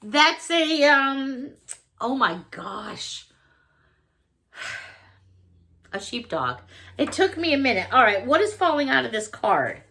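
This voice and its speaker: Bright, high-voiced gushing woman. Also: very animated, slow, long pauses. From Chicago. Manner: effusive, gushing, laughs often. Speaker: vlogger opening fan mail. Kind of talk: casual chat.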